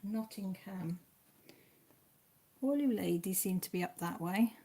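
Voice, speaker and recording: A woman with a Welsh accent chats away on a live stream from her home. Her pitch sits at an ordinary middle height. She reads out viewers' comments in a relaxed, homely manner, with plenty of slang and the occasional mild swear. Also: unhurried. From Wales. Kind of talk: casual chat reading out live chat comments.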